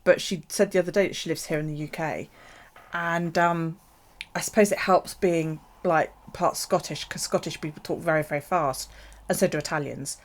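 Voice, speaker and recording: A woman's voice: low voice, normal speed. A woman chatting casually while crafting on a live stream, rambling, swearing freely and laughing at herself. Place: home craft space.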